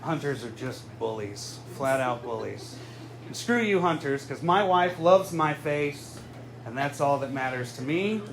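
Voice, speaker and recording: A man in his thirties from Southern California doing a stand-up comedy set with a deadpan, self-mocking delivery. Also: medium pitch, measured pace, gravelly. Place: live comedy venue with audience. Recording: noisy live room ambience. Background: audience laughter.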